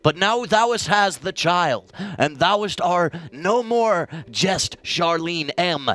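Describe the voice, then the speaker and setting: A grandiose, otherworldly prophet spirit put on by a man who stumbles through fake archaic speech full of thou and thine. The voice sits a little high for a man and moves slowly and deliberately, as if every word were holy. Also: fairly bright tone, heavily acted. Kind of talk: improvised comedy role-play on a stream.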